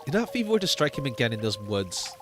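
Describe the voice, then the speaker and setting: A man's voice: mid-range voice, sing-song, quick pace, music in the background, lightly acted. A man reading the lines of an anxious village woman in a game, pleading in manner. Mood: worried.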